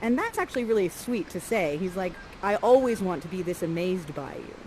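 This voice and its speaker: A woman directing a live Shakespeare performance, coaching the players and reading their lines softly. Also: lowish voice, a little fast, slight background noise, poor audio. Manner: animated, coaching, reads lines aloud in a soft voice. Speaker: theatre director coaching actors.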